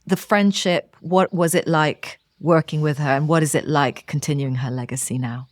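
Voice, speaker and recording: A woman hosting a podcast interview, responding warmly and asking questions. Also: deep voice, fairly even intonation, moderate pace, no echo, clean studio sound. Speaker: podcast host. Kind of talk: conversational interview.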